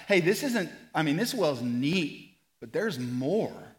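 A male lead pastor preaches a sermon at a slow pace, animated and acting out the voices in the story. He swings between loud emphasis and quiet, low moments.

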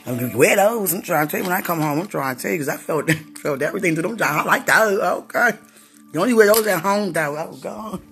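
A woman speaking intimately and effusively to her husband, sighing and exclaiming often, swinging between high excitement and low murmurs. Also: brisk, faint music behind. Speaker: wife talking to her husband. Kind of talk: intimate casual talk to a partner.

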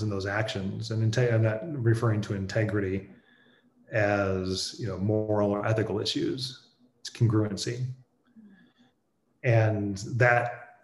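A man's voice: fairly low pitch, gravelly, darkish tone. Reflective man in a roomy space. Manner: thoughtful, halting, with restarts and pauses. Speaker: guest sharing a personal experience. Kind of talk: reflective conversational storytelling. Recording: roomy echo.

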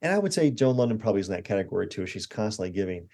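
Storytelling man in his sixties, mellow. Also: lowish voice, racing. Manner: animated anecdotes with acted-out quotes. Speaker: guest expert. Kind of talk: conversational interview storytelling.

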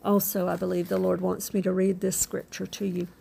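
A woman preaching a sermon with fervent emphasis, drawn-out phrases and soft asides. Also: fairly low pitch, monotone, gravelly, slight background noise.

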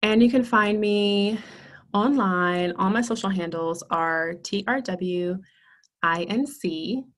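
A woman's voice: medium pitch, slow. A woman guest in a casual podcast interview, talking earnestly and enthusiastically with frequent ums.

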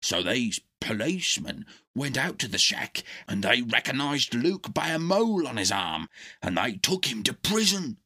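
A man voicing a loyal male dog in a storybook reading, husky, urgent and pleading. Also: medium pitch, big pitch swings, normal speed, sharp tone. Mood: earnest.

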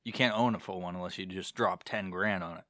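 A man's voice: deep voice, fairly even intonation, fast talker, a bit bright, no echo. A man hosting a podcast in casual, rambling banter, joking and swearing freely. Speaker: podcast host. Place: outdoor live podcast setup.

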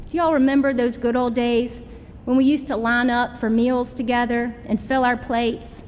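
High-voiced Southern woman preaching. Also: long reverb tail, slight background noise. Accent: Southern American. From American South. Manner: folksy, storytelling with humor. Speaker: pastor. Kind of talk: sermon. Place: church sanctuary.

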